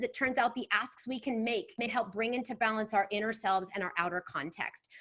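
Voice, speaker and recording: A woman with a fairly high voice leads a live online workshop. Her delivery is energetic and expressive, with quick shifts in emphasis. She sounds middle-aged. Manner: animated, expressive, reads chat aloud.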